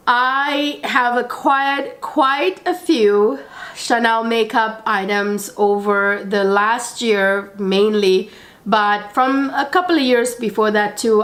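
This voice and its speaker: A middle-aged woman, hoarse from a cold and husky-voiced, chatting casually to her viewers as a beauty vlogger, rambling with lots of fillers. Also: fairly high pitch, fairly bright tone. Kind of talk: casual chat to camera.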